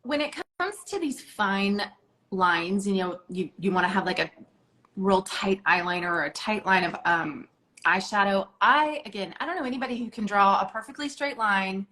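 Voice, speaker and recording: A woman's voice: medium pitch, moderate pace, pushed and bright, rough recording. A woman leads a makeup tutorial, coaching her student through each step. She talks in an encouraging, hands-on way, with plenty of casual filler words. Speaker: makeup instructor.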